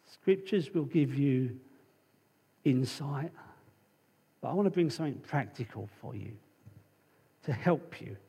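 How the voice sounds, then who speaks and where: A man's voice: medium pitch, expressive, measured pace, gravelly, pauses often, warm tone, slightly rough, big-room sound. A male preacher giving a conversational sermon, telling stories and reading scripture.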